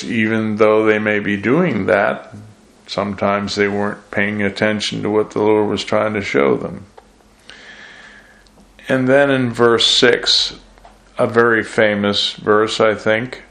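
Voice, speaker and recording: Slow gravelly male preacher. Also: lowish voice. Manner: slow, measured delivery with gentle self-deprecating asides. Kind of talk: sermon with scripture reading.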